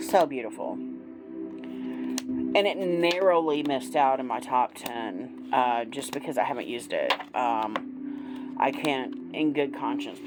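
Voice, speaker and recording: A woman's voice: rumbling low, poor audio. A woman chatting casually in a tarot video, gushing and chatty with many fillers and restarts. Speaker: tarot vlogger. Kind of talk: casual show-and-tell.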